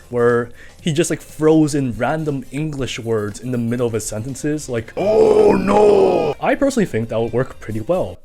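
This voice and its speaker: A man's voice: mid-range voice, a little mellow. A man reading a scripted commentary in a casual, chatty way, full of asides. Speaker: video essayist.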